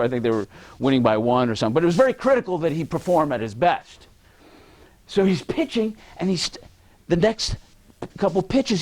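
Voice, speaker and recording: A male lecturer speaks to a university class in a lively, animated voice that sits a little high. He keeps things loose, teasing students and throwing questions out to the room. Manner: lively, joking, quizzes the audience. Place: lecture hall.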